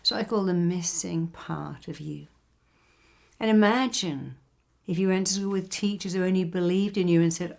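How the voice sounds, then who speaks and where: A woman's voice: on the low side, moderate pace, gravelly, a little mellow. An older woman from England, a therapist giving a guided self-help talk who acts out the voices of critics and cheerleaders.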